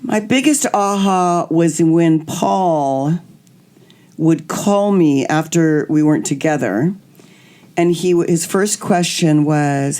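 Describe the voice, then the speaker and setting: A middle-aged woman hosting a podcast, telling candid personal stories in an animated way and acting out the voices of people she quotes. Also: lowish voice, slow pace. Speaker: podcast host. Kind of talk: candid storytelling chat.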